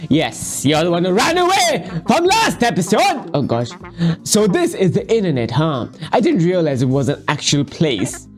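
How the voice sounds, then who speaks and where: A player voicing a weary radish father who answers his son with dry, deadpan comebacks, in a game voice-over. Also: medium pitch, normal speed, hardly any pauses, faint music behind.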